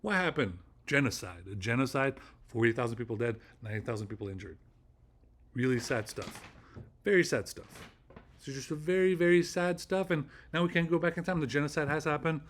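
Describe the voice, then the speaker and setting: A man's voice: medium pitch, expressive, a little fast. A man hosting a casual vlog monologue, rambling with many fillers and repeating phrases for emphasis. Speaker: channel host.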